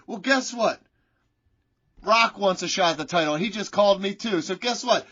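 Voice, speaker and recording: A man's voice: high-pitched, normal speed, bright, forceful tone. A man co-hosting a wrestling podcast, telling a rambling, profane story in casual chat. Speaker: podcast co-host. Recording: dull lo-fi sound.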